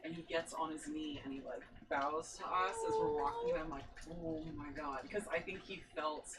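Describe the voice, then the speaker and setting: Low-voiced woman telling an enthusiastic story. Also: very animated, fairly quick. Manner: enthusiastic storytelling, laughs often. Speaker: guest. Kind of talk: casual podcast chat. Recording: distant mic with noticeable background noise.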